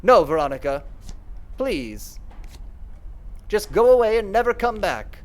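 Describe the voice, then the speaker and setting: A man voicing a distraught, weepy young woman passenger in sobbing, high-strung outbursts. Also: sing-song, unhurried.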